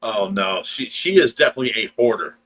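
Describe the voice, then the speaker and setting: A man's voice: lowish voice, lively intonation, a little fast, fairly bright tone, low-quality recording. A middle-aged man co-hosting a casual livestream, easygoing and teasing as he reads out viewer comments. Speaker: livestream co-host.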